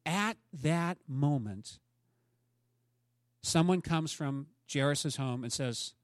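A man preaches a sermon, slipping into the voices of the people in his story. His voice sits a little high for a man, and he swings between loud, urgent pleading and hushed lines that drop almost to a whisper. The sound is dry and close, with no room around it. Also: unhurried, no echo. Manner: dramatic, acts out voices of the story. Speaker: pastor.

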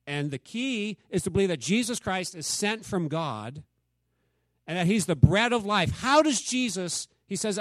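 A man's voice: high-pitched, sing-song, unhurried, a bit bright, no room sound. Conversational man teaching scripture. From United States. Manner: conversational, quizzes listeners and acts out quotes. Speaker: church teacher. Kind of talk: Bible study teaching.

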